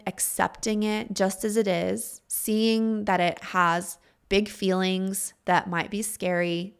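A woman's voice: medium pitch, vocal fry. A middle-aged woman in a reflective spoken monologue, earnest and confiding, asking her listeners direct questions.

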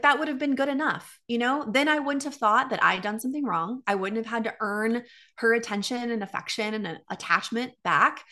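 Bright-voiced woman telling a personal story. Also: fairly high pitch. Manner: candid, animated retelling with quoted dialogue.

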